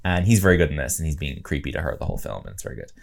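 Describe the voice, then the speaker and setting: A man's voice: very deep voice, racing, creaky, slight background noise. A man co-hosting a podcast, chatting casually about a film, swearing freely and acting out quotes. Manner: animated, swearing, mimics quotes in exaggerated voices. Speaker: podcast co-host.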